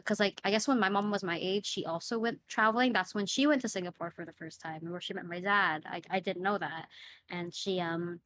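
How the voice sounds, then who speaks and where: A young woman chats through a long personal story as an interview guest, with "like" and "right?" all through her talk. Her voice sits at a middle pitch for a woman, and she slips into the voices of the people she quotes. Faint music plays under her. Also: fairly even intonation, normal speed, a bit bright. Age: young adult. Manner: chatty, fills speech with "like" and "right?"; acts out her own and her mother's lines. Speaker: podcast guest, streamer.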